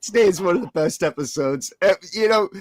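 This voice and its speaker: A man's voice: sits high, animated, a little fast, dry recording, studio quality. A man co-hosting a casual review chat, laughing often and chiming in with brief agreeing comments. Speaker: podcast co-host.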